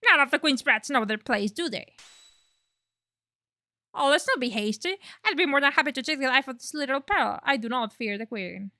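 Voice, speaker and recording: A woman's voice: sits high, animated, normal speed, pushed and bright, no echo, studio quality, full character voice. A woman putting on a sneering male villain.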